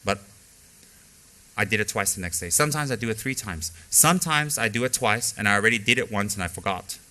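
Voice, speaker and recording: A middle-aged Buddhist teacher gives a spoken dharma teaching, emphatically repeating key phrases for stress and mixing in candid stories from his own practice. His lowish voice is pushed and bright, with lively intonation at a fairly quick pace.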